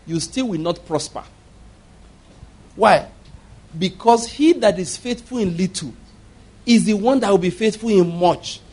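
Man preaching a sermon, high voice, from nigeria, quiet murmurs rising to loud exhortation, rhetorical questions to the congregation. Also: a little slow, pauses often, slightly rough. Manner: swings between low murmurs and loud exhortation.

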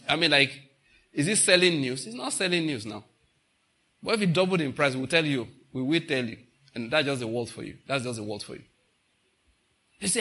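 A middle-aged man with a Nigerian accent preaching a sermon, emphatic, repeating his points and rising to loud bursts. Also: on the high side, breathy edge. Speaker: pastor.

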